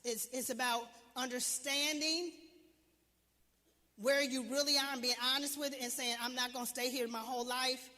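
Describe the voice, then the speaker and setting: A woman's voice: fairly high pitch, pushed and bright, big-room sound. A woman coach giving a motivational talk to an audience, emphatic and preachy, firing off repeated questions. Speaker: business and wealth coach.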